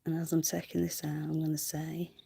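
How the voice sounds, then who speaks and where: A woman's voice: deep voice, completely flat delivery, brisk, creaky, mellow, breathy edge. A woman chatting casually on a livestream, giggly and often dropping to a whisper, close to the mic.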